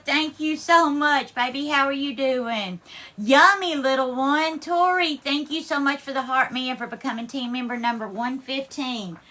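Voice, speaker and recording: Cooking at home during a casual live stream, a woman thanks each viewer by name and calls them darling, effusive and teary-eyed, nearly crying. Her voice sits high, bright and pushed.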